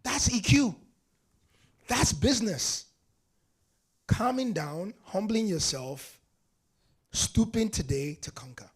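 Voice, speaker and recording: A man speaking as a panelist, telling a story with an animated, laughing manner. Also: high-pitched, a little slow, husky. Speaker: panelist, entrepreneur. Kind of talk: panel discussion answer.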